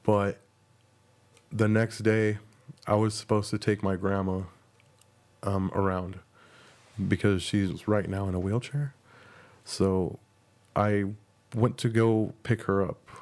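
A man's voice: fairly low pitch, fairly even intonation, takes it slowly, pauses often, darkish tone. A young man hosting a podcast, telling a rambling, profane story about himself in a casual, self-mocking way. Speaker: podcast host.

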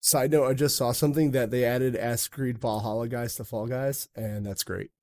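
A man's voice: medium pitch, fairly even intonation, a little fast, a little mellow. A man from New York co-hosting a casual gaming chat, blunt and offhand, with plenty of swearing. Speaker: podcast co-host.

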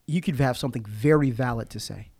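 Fast-talking gravelly man, animated. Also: medium pitch. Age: adult, formerly married nine years. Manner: animated, acts out quoted lines; talks over and restarts. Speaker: guest poet. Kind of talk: casual conversation.

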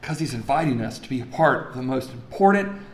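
Animated man preaching in a roomy church. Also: medium pitch, fairly quick. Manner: animated storytelling, swings from loud excitement to quiet emphasis. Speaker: pastor. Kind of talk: sermon. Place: church sanctuary.

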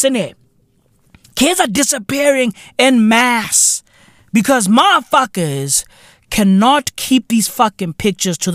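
A man's voice: sits high, no echo, studio quality. A man hosting a podcast, delivering a profane, heavily slangy ranting monologue. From South Africa. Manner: profane, animated, heavy slang fillers. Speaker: podcast host.

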